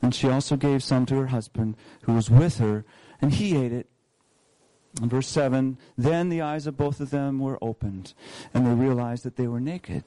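A man's voice: medium pitch, warm tone, dry recording. A man preaching a sermon, reading scripture aloud and asking his listeners rhetorical questions while repeating key phrases. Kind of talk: sermon teaching through scripture.

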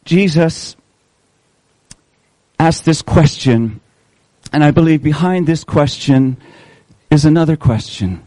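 Fairly high-voiced male preacher, close and dry. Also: animated, warm tone, no echo, rough recording. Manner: asks the congregation questions, slows for emphasis. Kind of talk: sermon.

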